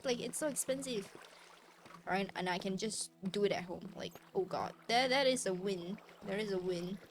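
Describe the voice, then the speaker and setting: A woman's voice: medium pitch, animated, moderate pace, a little hiss or hum. A woman streamer chatting casually while gaming, ranting and swearing freely. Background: background music.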